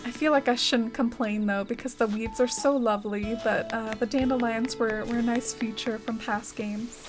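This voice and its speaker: A woman's voice: a little high, steady tone, moderate pace, music in the background, poor audio. A young adult woman streaming a game, chatting casually and reading chat aloud, rambling with lots of "like" and "uh". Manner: chatty, rambling, heavy use of "like" and "uh". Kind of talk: casual chat while playing.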